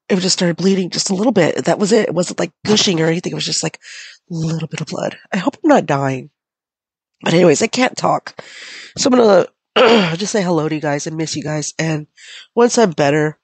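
Sick woman podcaster, gravelly fading voice, coughing, rambling, dry close sound. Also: lowish voice, dry recording. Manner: rambling, self-deprecating, profane. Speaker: podcast host. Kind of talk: casual solo podcast chat. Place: in bed at home.

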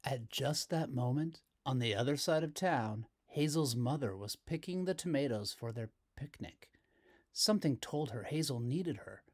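A man reading a children's picture book aloud as storyteller, slow and expressive. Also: medium pitch.

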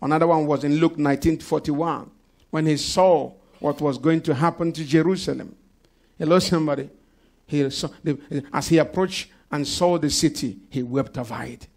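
Male pastor, gravelly, slightly high voice, preaching with congregation call-outs. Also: steady tone, moderate pace, a little mellow. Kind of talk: sermon. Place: church service.

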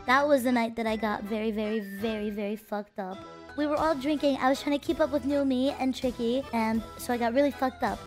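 A young woman streamer tells her viewers a story in a casual, animated way, swinging between loud and hushed and sounding defensive. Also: fairly high pitch, fairly quick, soft background music.

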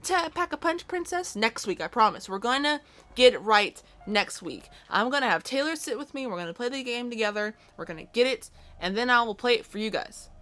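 A woman's voice: on the high side, lively intonation, a little fast, a bit bright. A young woman hosting her own channel, giving jittery, self-mocking gameplay commentary that breaks into yelps when startled. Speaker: gaming channel host.

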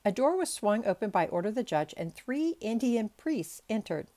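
A woman's voice: a little high, sing-song, normal speed, warm tone. A woman reading a classic novel aloud as an amateur audiobook, making chatty asides and stumbling over unfamiliar words. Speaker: audiobook reader.

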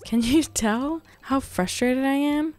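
A young woman hosting a casual let's-play, muttering in exasperation and then bursting into relieved excitement. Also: sits high, takes it slowly, soft background music. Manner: animated, exasperated muttering with sudden joyful outbursts. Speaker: gaming channel host.

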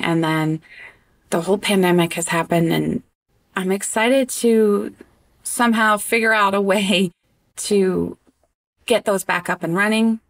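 A woman guest in a casual interview conversation who talks with animated expression and often stops on an um. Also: medium pitch. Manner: animated and expressive, breaks into laughter; hesitant with frequent ums.

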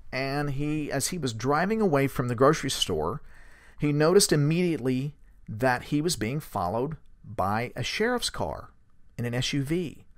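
A man casually retells a source's encounter as host, in a relaxed, rambling way with fillers and lively quoted speech. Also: a little high, no room sound, clean studio sound. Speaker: host recounting a source's story. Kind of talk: conversational storytelling.

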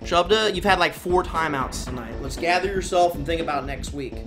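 A fairly high-pitched man rambles to his viewers in a loose, profane, excitable way. Clear game music plays behind him the whole time. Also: brisk. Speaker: live streamer. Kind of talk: casual live-stream chatter to viewers.

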